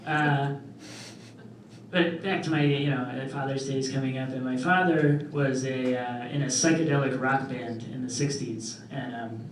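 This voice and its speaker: A young man doing a stand-up comedy set, deadpan and self-deprecating, with trailing fillers. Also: mid-range voice, moderate pace, a crowd in the background. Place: club stage in front of a live audience. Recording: roomy club audio from far off. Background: audience laughter.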